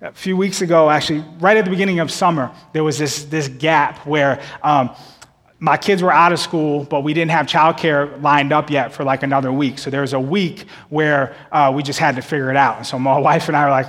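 A man in his thirties delivering a sermon in a church, his voice set a little high. He talks in a loose conversational way and doubles back on words. The sound rings with a long reverb off the hall walls. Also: brisk, a bit bright. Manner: conversational, repeats words and phrases. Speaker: preacher.

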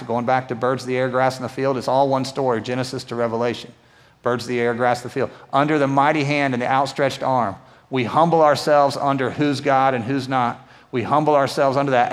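A man preaching as a pastor, telling a Bible story in a conversational, animated way. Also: medium pitch. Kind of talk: sermon. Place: church auditorium. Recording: echoey hall reverb.

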